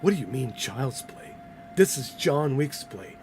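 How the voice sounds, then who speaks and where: A man's voice: mid-range voice, big pitch swings, unhurried, over music. A man casually commenting on a game during a livestream, loose and joking as he banters with his chat. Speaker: gaming livestreamer.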